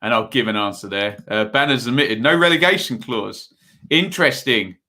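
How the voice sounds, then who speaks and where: A man's voice: medium pitch, normal speed, sharp tone. A man hosting a live football watch-along, calling the play casually and chatting to viewers between moves. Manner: casual play-by-play mixed with reading viewer messages; rambling and chatty, with frequent fillers. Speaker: live stream host.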